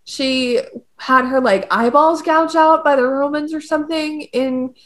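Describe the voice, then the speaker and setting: A young woman with a high voice explains a classic poem in quick, slangy, joking chatter. She is casual and irreverent, and she tends to speed up. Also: fairly bright tone. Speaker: co-host.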